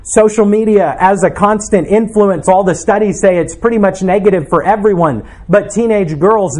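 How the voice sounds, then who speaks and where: A man's voice: high-pitched, a little mellow. A man, a pastor, preaching a sermon in an earnest, reflective way, asking his listeners questions.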